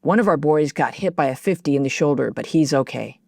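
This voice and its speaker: Young soldier's diary voice, gravelly, close and dry, voiced by a woman. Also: a little high, expressive, fairly quick, darkish tone, no echo. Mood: matter-of-fact. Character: young male soldier writing a war diary.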